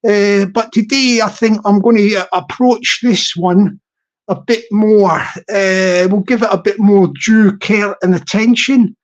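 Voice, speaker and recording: A livestream host chats casually to viewers, rambling along and circling back to repeat phrases over and over. The voice sits at a middling pitch, and greetings to the chat come out effusive and drawn out. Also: fairly even intonation, unhurried, muffled recording.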